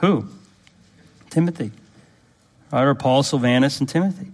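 Male preacher, mid-pitched, earnest and emphatic, repeats lines, asks the congregation direct questions; long hall reverb. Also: normal speed, long pauses, darkish tone. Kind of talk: sermon.

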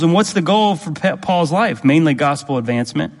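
A man's voice: a little high, expressive, fairly quick. A man preaching a sermon, earnest and emphatic, repeating key phrases and putting direct questions to his congregation. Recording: long hall reverb.

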